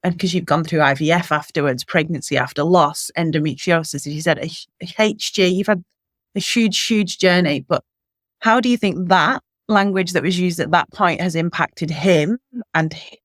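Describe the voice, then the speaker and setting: A woman's voice: on the low side, moderate pace, no room sound, studio quality. A woman co-hosting a podcast, asking probing and thoughtful questions. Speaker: podcast co-host. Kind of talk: interview questions.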